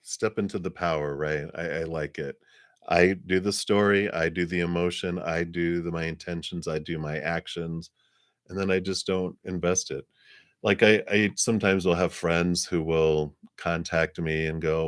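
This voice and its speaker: Deep-voiced man giving a rambling live reading. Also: steady tone, unhurried, no room sound, clean studio sound. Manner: rambling, gentle, laughs often, many fillers. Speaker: psychic reader. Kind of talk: live-stream reading, casual chat.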